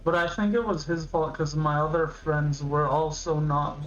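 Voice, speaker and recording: A man's voice: on the high side, steady tone, moderate pace, fairly bright tone, dull audio. Rambling teenage male streamer. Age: late teens. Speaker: livestreamer reacting to a video. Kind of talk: casual rambling chat.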